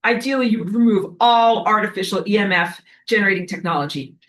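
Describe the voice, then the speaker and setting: A woman's voice: mid-range voice, fast talker, a bit bright, poor audio. A woman giving a preachy spiritual lecture to a class, in an emphatic, scolding manner that sometimes turns to swearing. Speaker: spiritual teacher.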